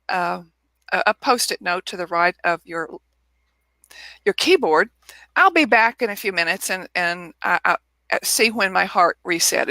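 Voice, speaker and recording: A woman guest in a casual interview, telling a personal story in an animated way and acting out the people she quotes, over a video call. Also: medium pitch, dry recording. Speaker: author and guest.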